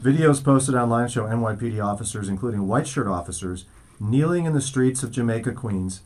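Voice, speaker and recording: Radio host reading the news. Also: male voice, mid-range voice, fairly quick, darkish tone. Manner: reads news items aloud, then jokes around. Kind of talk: casual radio chat.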